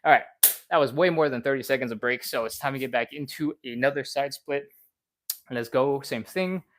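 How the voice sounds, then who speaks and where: A man leading a live stretching session, chatty and encouraging, talking fast and a little out of breath. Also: medium pitch, fairly bright tone, a little hiss or hum. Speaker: stretching instructor. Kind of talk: live-streamed workout coaching.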